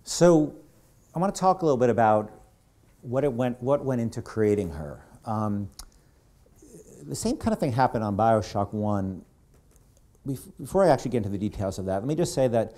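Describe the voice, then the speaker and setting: Mellow-voiced man giving a rambling talk. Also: mid-range voice. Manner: conversational, rambling, with many asides. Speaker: game creative director giving a talk. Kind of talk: live presentation to an audience. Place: event hall on stage.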